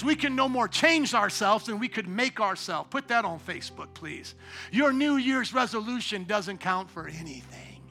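A man preaching a sermon as pastor, swinging from quiet asides to loud, shouted exhortation. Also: high-pitched, lively intonation, moderate pace, soft background music. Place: church sanctuary.

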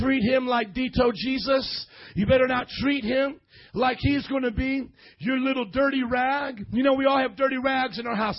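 A man pastor preaching a sermon, calling out to his congregation and building to shouts. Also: very high voice, highs cut off. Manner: preaching with rising shouts and audience call-and-response.

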